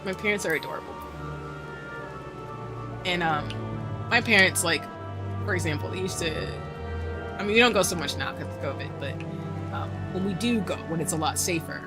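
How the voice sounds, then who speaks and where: A woman's voice: on the low side, moderate pace, pauses often, music in the background. A woman streamer chatting casually while gaming, telling a rambling story and laughing often, on a desk microphone.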